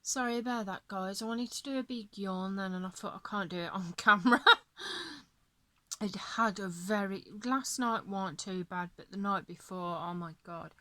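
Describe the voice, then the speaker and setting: Woman, sleepy and yawning, rambling casual chat, middle pitch, dry close sound. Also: moderate pace, few pauses, a bit bright, no echo. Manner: chatty, apologetic, rambling. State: tired, yawning. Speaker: coloring channel host. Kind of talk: casual show-and-tell chat.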